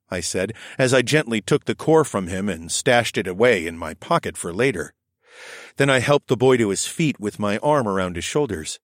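Lively low-voiced male narrator. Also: moderate pace, no room sound, studio quality. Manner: expressive, lively storytelling. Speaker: audiobook narrator. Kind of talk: scripted narration.

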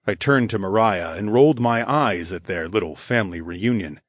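Husky, low-voiced male audiobook narrator. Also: moderate pace, few pauses, no room sound, clean studio sound. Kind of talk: first-person fantasy audiobook narration.

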